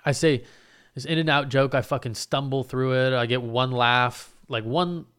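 A young man retells a story in a loose, rambling way, swearing freely and restarting his sentences as he goes. His voice is smooth and clean at an ordinary middle pitch. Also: a little slow, fairly bright tone. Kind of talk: casual storytelling.

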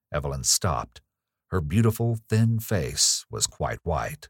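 A man narrating a gothic ghost story in a measured, somber tone. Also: a bass voice, lively intonation, breathy edge, dry recording, clean studio sound. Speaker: audiobook narrator. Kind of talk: scripted narration.

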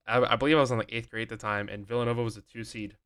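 A man's voice: medium pitch, steady tone, rapid-fire, a bit bright, smooth. A young man co-hosting a podcast, telling rambling stories in casual chat with lots of fillers and restarts. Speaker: podcast co-host.

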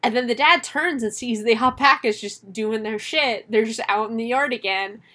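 Young woman, casual podcast co-host, slightly high voice, profane and giggly, acts out scenes. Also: normal speed, bright, forceful tone. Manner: profane, laughs often, acts out characters. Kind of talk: casual movie review chat.

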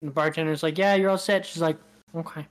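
A man's voice: on the high side, steady tone, fast. A man co-hosting a podcast, telling a rambling anecdote in casual chat, laughing often and acting out what people said. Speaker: podcast co-host.

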